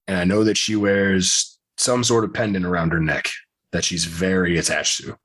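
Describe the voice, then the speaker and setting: A man's voice: deep voice, fairly bright tone, slightly rough. A man running a tabletop game, explaining the rules casually and swearing now and then. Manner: casual, swears freely, laughs between points. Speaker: game master.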